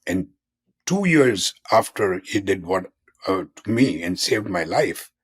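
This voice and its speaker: A man's voice: deep voice, animated, slow, husky. An older man in his seventies, a physician guest in a conversational interview, who explains in an earnest way and repeats key terms.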